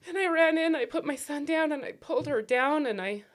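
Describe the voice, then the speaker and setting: A grief-stricken woman recounts a personal loss in a podcast interview. Her voice sits a little high and comes in halting, broken phrases that at times sink to a whisper. She sounds near tears throughout. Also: expressive. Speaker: podcast guest, bereaved mother. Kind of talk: emotional personal testimony.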